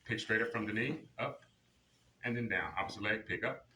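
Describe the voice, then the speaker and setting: A man leading a seniors' exercise class, motivating and coaching, who counts out reps in a loud drill-sergeant cadence. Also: fairly low pitch, fairly quick, a little hiss or hum. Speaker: fitness instructor. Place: senior center activity room. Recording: echoey room.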